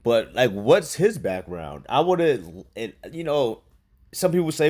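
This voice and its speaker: A man's voice: mid-range voice, sing-song, unhurried, darkish tone. A man from New giving a loose, profane, casual film review, repeating himself and laughing often. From New York. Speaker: movie reviewer.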